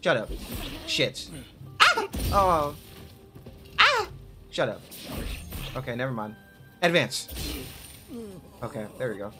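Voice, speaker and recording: A man's voice: mid-range voice, huge pitch swings, slow, long pauses. A man commenting on his own gameplay as a streamer, frustrated and cursing at enemies while he plays. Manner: frustrated, swearing, talking to the game. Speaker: gaming streamer. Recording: game music loud behind voice. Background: game music.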